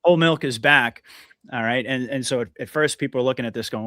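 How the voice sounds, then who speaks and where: A man's voice: mid-range voice, fast talker, sharp tone, no room sound, studio quality. A man hosting a podcast interview, talking in an earnest, emphatic way with many restarts. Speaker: podcast host. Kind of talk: casual conversational interview.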